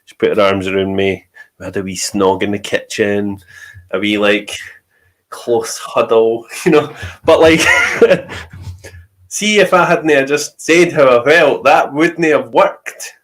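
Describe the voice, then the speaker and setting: A man's voice: mid-range voice, unhurried. A man with a Scottish accent telling personal stories in a casual chat, often laughing as he talks. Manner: storytelling, laughs often while talking.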